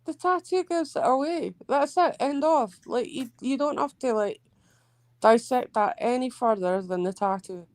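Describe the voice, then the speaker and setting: Female guest, slightly high voice, dry sound, blunt and profane delivery. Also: moderate pace, no room sound. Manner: blunt, emphatic, swears a lot. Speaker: stream guest. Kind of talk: casual gossip chat.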